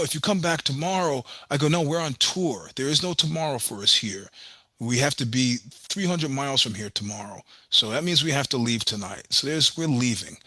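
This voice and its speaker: A man's voice: medium pitch, pushed and bright, no echo. Blunt, profane middle-aged man telling stories. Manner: blunt, profane storyteller acting out dialogue. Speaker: podcast guest, musician. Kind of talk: casual storytelling interview.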